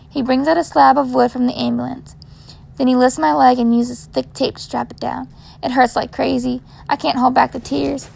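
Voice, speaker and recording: A woman reading a first-person story in a child's voice, gentle and measured. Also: sits high, little pitch movement, gravelly. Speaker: narrator.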